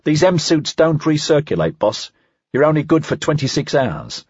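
A man voicing a practical young male deputy who speaks in a calm, gently reminding way in an audiobook. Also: on the high side, normal speed, breathy edge, no echo, dull audio, pitched above the performer's own voice. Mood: steady.

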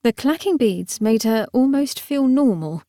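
Her fairly high voice carries a novel's scripted narration with measured, expressive storytelling. The audiobook recording has studio quality and no echo.

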